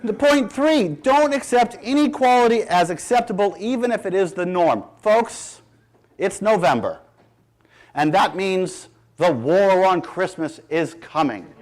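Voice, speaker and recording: A man's voice: sits high, expressive, slow. A middle-aged man giving an emphatic, sarcastic public speech. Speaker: speaker.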